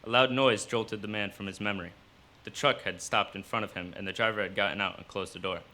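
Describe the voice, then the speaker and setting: A man reading his own fiction aloud at a live cafe event, in steady storytelling narration. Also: fairly low pitch, fast talker, slight background noise.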